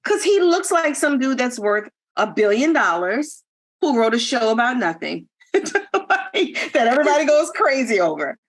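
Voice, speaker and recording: Animated high-voiced woman chatting. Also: unhurried. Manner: animated, laughing, acts out quotes. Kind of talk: casual chat.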